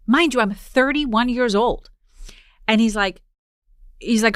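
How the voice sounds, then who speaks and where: A woman's voice: fairly high pitch, slow pace, long pauses, clear, resonant tone, dry recording, clean studio sound. A woman in her forties from Poland, hosting a podcast and telling a personal story in casual conversation. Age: 40s. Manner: storytelling, animated retelling. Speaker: podcast host.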